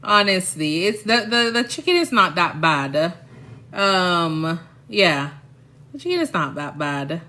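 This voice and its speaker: A woman's voice: fairly low pitch, lively intonation, takes it slowly, bright, forceful tone. A woman from Jamaica with a Jamaican accent, a nurse chatting casually on a livestream, rambling and often checking "you understand?".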